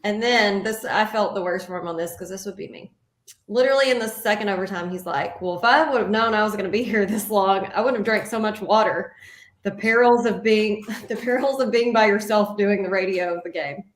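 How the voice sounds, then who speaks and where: A woman's voice: medium pitch, brisk. A woman co-hosting a podcast, casually retelling funny moments from a radio broadcast of a game. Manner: storytelling, laughing retelling. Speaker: podcast co-host. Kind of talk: casual sports chat. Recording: roomy echo.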